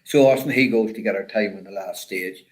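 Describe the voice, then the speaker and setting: An older man, a former rally driver, telling stories in a rambling, animated way with lots of repeated words. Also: fairly low pitch, fairly quick, rough recording. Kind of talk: casual storytelling chat.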